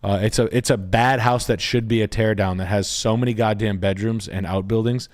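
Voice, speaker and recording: A man's voice: on the low side, fairly even intonation, brisk. A young man, a realtor hosting a live stream, chatting casually in a crude, rambling, jokey way.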